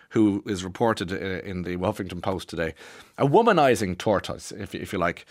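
A rambling Irish man hosting a radio slot, his voice sitting low. He chats casually and restarts his sentences often. The sound is close and dry, like a studio mic. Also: a bit bright, dry recording. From Ireland. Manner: chatty, rambling, with many restarts and asides. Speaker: radio presenter. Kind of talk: casual monologue.

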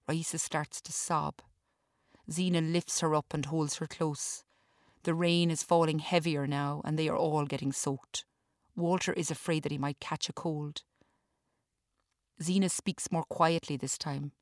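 A woman reading her own story aloud in a measured narrating style. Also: low-pitched, steady tone, no room sound, clean studio sound.

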